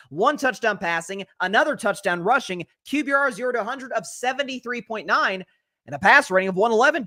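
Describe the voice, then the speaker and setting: Young male sports podcaster, high bright voice, fired-up casual opinion talk. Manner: energetic opinionated rant. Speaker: podcast host.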